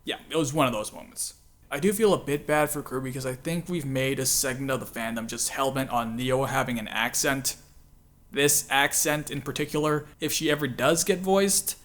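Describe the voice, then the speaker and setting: This channel host and voice actor speaks at medium pitch with a steady, fairly bright tone and normal speed. He chats casually through a video commentary, poking fun at himself, laughing frequently, and leaning on fillers.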